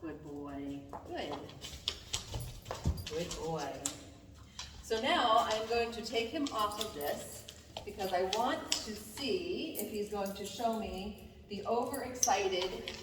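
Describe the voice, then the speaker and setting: A woman dog trainer giving a calm, casual lesson, softly praising her dog between explanations. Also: a little high, unhurried. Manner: calm, soft-spoken, praises the dog often. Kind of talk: casual instructional talk. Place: indoors at home with a dog. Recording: distant mic in an echoey room with long reverb and noise.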